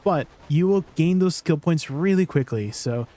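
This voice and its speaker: A man's voice: a little high, animated, moderate pace, mellow. Chatty male game streamer. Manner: chatty, rambling, questions chat often, laughs easily. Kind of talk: casual livestream chat.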